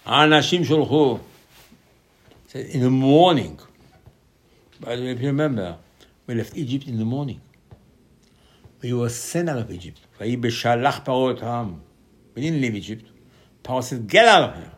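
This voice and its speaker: A man giving a Torah class sermon, animated, asking and answering his own questions, with sudden loud emphasis on key lines. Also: mid-range voice. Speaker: Torah teacher.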